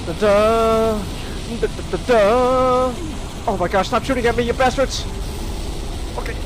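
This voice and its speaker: A man hosting a casual live-stream podcast while playing a game, excitable, with loud outbursts and stammered restarts. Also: extremely high pitch, unhurried, pauses often, noisy background.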